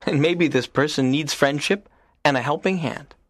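An actor playing a nervous, curious teenage schoolboy in an audiobook drama, speaking hesitantly with stammers. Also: male voice, a little high, normal speed, no echo, clean studio sound, lightly acted. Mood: thoughtful.

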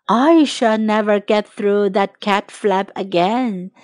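A woman voicing a brave little teddy bear toy, lively and emphatic in short lines. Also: medium pitch, takes it slowly, voice pushed down, close to an everyday voice.

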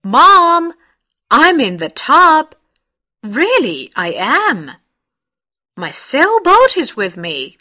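Woman reading a young boy, insistent, bright tone, slow storybook reading, lively pitch. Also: full character voice. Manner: slow, clearly read storybook lines.

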